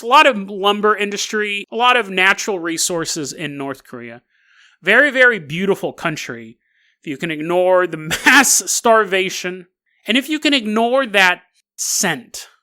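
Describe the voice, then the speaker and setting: Bright, high-voiced jokey podcast man. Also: clean tone. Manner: jokey, acts out silly little scenes. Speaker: podcast host. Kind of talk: comedic storytelling monologue.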